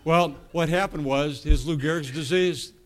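A man's voice: on the high side, normal speed, slight background noise. A middle-aged man preaching, telling a rambling, folksy anecdote with self-amused laughs. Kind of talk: storytelling sermon.

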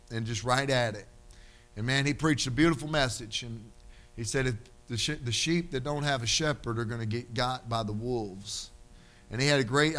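Pastor in his thirties, bright ringing tone, testimony into fiery preaching. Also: medium pitch. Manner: rising to loud, drawn-out preaching. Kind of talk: sermon with personal testimony.

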